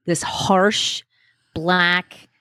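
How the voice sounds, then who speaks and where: Woman, middle-aged, podcast co-host, animated, jokey, laughs. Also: on the low side, drawn-out words, no room sound, studio quality. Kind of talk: casual chat.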